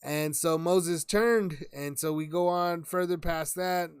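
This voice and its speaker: A man's voice: on the high side, fairly even intonation, slow, smooth, no echo, clean studio sound. A man leading a casual Bible study, rambling with many fillers and restarts and reading scripture aloud.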